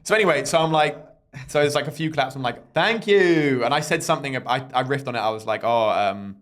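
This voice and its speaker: A young man and podcast host, telling a stand-up story in a casual, animated way and acting out the people in it. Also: medium pitch, fairly quick. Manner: animated storyteller who mimics people in quotes.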